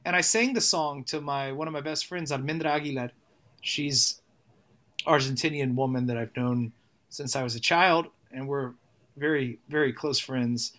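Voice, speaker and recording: A man, a songwriter, talking casually in an interview, animated and rambling, with frequent restarts and swearing. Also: mid-range voice, moderate pace. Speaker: songwriter and musician guest.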